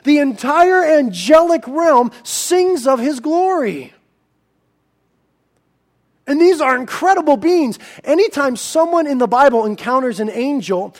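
A male pastor preaching a sermon in an animated, emphatic way, swinging between loud and soft. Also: extremely high pitch, normal speed.

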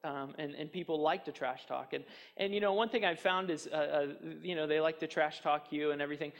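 A man preaching a sermon, animated and chatty, acting out taunts with fillers and restarts. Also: on the high side, fairly quick, in a large hall. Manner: animated, mocks enemies' taunts in a raised voice. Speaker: pastor.

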